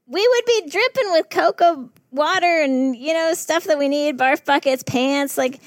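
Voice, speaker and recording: A woman working in festival harm reduction, telling stories in a casual podcast chat, animated and laughing often. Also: sits high, a little slow, no echo, studio quality.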